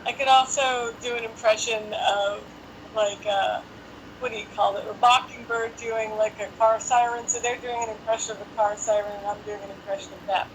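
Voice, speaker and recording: A woman with a slightly high voice hosts a casual live stream on her phone from her apartment, speaking at a normal pace in a steady tone. While waiting for guests she chats and jokes to herself. The recording is low quality, with slight background noise.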